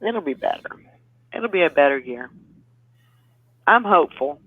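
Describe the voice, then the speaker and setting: A co-host chatting on a morning show, hopeful and chatty, with lots of "you know" fillers. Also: female voice, deep voice, expressive, moderate pace, dry recording, phone-quality sound. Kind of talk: casual morning show chat.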